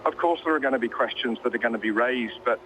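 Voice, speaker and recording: A man's voice: mid-range voice, fast talker, a bit bright, slight background noise, poor audio. A British man, a motorsport commentator, talking in a conversational way with frequent restarts during a news interview. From Britain.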